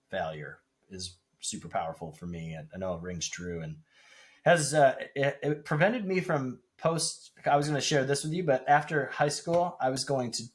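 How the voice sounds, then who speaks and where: A man co-hosting a relaxed podcast conversation. He speaks reflectively and thinks aloud, with frequent fillers between his thoughts. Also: on the low side. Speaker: podcast co-host. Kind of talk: casual podcast chat.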